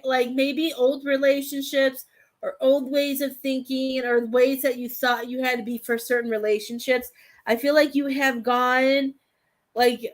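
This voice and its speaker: A woman giving a tarot reading as a medium, talking in a rambling, hesitant way that often turns emotional. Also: on the high side. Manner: rambling, hesitant, full of "I feel like"; emotional and tearful at times. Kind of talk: live-stream tarot reading.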